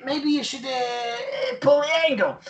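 A man imitating a gruff, disapproving old father who complains over the phone in a halting, strained way. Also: very high voice, echoey room, voice pushed up. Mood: complaining.

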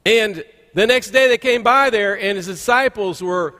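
A man's voice: sits high, moderate pace, pushed and bright. A man, a pastor, preaching a conversational sermon in a church sanctuary, telling folksy stories with frequent "uh" restarts. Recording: long reverb of a large church hall.

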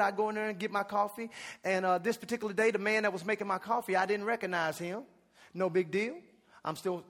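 A man pastor telling a comic story in a sermon, animated and shouting at the high points.

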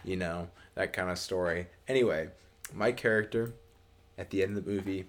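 A man with a low voice chatting loosely as a podcast co-host. He rambles, trips over his words and restarts often, keeping an easygoing conversational tone. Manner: rambling, halting with many restarts and fillers. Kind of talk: casual chat.

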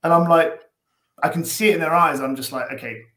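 A man's voice: a little high, steady tone, fairly quick, pushed and bright, roomy sound. A man with an Irish accent, a guest on a casual podcast, talking in a rambling way, stumbling over repeated words and acting out little scenes. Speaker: guest, dog behaviour coach.

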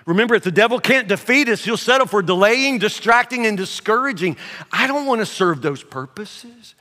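A man preaching a sermon in a folksy way, repeating words, saying y'all, and dropping to a low, quiet voice for emphasis. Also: long reverb tail. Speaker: pastor. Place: church hall.

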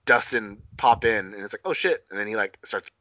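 On this laid-back wrestling podcast, a young male co-host with a lowish voice talks fairly fast, cursing freely and mimicking people's words with animation. There's no room sound, and the audio is dull and lo-fi.

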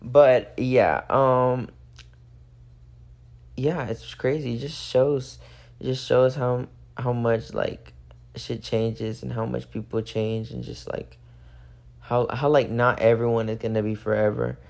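An eighteen-year-old podcast host ranting late at night into a phone, rambling and cursing freely with constant "like" fillers, a little high. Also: steady tone, slow pace, vocal fry, a little mellow. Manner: rambling, profane, heavy use of "like". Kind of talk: casual late-night solo rant.

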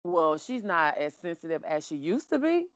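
A middle-aged woman co-hosting a casual chat, telling stories in an emotional, animated way. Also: fairly low pitch, normal speed, dry recording, dull audio. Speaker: co-host.

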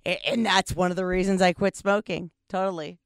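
A woman's voice: fairly low pitch, fairly even intonation, a little fast, clear, resonant tone, dry recording, clean studio sound. A woman in her forties hosting a podcast, chatting candidly, laughing often and swearing freely. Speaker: podcast host. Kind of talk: casual chat.

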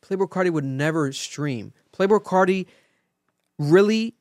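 Man, podcast host, casual chat, higher-pitched voice, dry close sound, acts out quotes, swears freely. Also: expressive, measured pace, darkish tone, dry recording.

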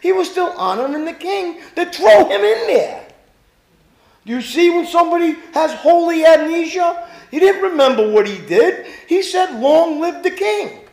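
High-voiced animated male pastor. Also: a little slow, gravelly, reverberant. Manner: animated preaching, rhetorical questions to the congregation. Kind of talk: sermon.

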